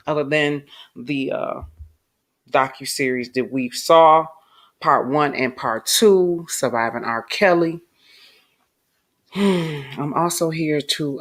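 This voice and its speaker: An online commentator and channel host runs a late-night live stream, chatty and emphatic, greeting viewers and swearing when things get heated. The voice is mid-range with a fairly bright tone.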